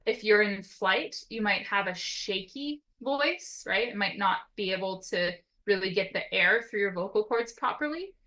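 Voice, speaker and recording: A woman therapist giving an educational talk, explaining step by step with a lively, up-and-down intonation and often checking in with "right?". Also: medium pitch, moderate pace, hardly any pauses, low-quality recording. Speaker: occupational therapist.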